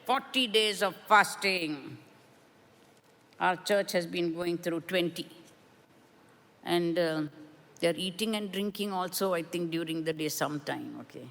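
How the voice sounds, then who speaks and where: A woman preaching a sermon with a personal testimony, earnest and measured, with emphatic rises. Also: on the low side, a bit bright, big-room sound. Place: church.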